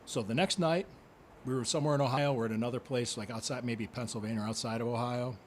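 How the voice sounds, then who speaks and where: Animated man telling a story. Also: medium pitch, fast, a little hiss or hum. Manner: animated, laughing, repeats himself. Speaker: podcast host, former wrestler. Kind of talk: casual storytelling chat.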